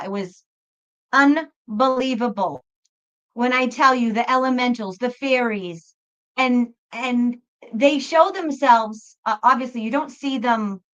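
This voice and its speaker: A woman's voice: on the high side, fairly bright tone. A woman hosting a live tarot stream, chatting casually and apologetically, with many fillers and repeated words. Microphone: computer microphone. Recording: dull, muffled microphone sound.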